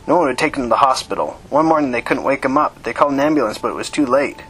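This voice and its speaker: A man doing a gruff, husky drifter leader. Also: medium pitch, expressive, racing, low-quality recording. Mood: solemn. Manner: gruff, blunt, swearing, raised louder voice. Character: commanding man, a tall homeless leader in a cowboy hat.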